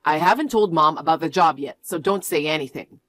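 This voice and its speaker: A woman's voice: deep voice, fairly quick, a bit bright, no echo. A woman voicing a defensive, bossy young man who has lost his job, in a story told through acted dialogue. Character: irritable young adult man, a jobless fiancé.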